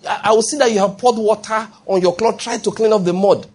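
A male pastor delivers a lively sermon in a fairly high, husky voice. He swings between emphatic preaching and playful acted-out voices, often asking the congregation whether they follow. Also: a little fast. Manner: animated preaching, acting out quoted voices, checking in with the congregation.

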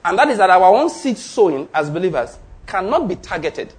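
A man's voice: high-pitched, big pitch swings, a little fast. A man preaching a sermon, emphatic and drawing answers from the congregation. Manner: emphatic call-and-response preaching. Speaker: pastor.

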